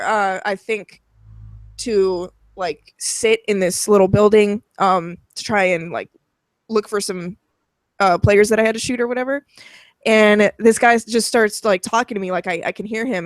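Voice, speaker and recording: A woman's voice: mid-range voice, dry recording. Blunt, swearing woman in dry chat. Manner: blunt, swears freely, rambling with fillers. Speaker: co-host. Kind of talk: casual commentary chat.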